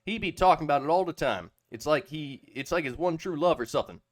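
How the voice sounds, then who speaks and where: A man's voice: fairly high pitch, lively intonation, quick pace, no echo, voice pushed up. A man putting on the voice of a brash young male storyteller, reading aloud with emphatic, drawling slang. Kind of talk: dramatic reading of a chatbot text.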